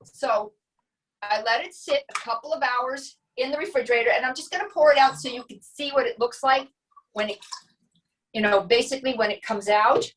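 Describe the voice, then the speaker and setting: Brief: middle-aged woman, high voice, relaxed, talks through her cooking, heard a little off mic. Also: fairly quick, distant mic, poor audio. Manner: relaxed, explains step by step with many asides. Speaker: guest. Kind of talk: casual cooking demo chat.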